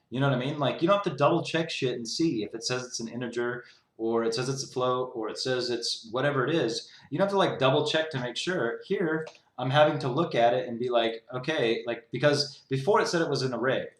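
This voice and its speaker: A young programmer streaming his coding talks through his code casually, exasperated and rambling, and saying "like" constantly. His voice sits at a medium pitch, and the recording has a roomy echo.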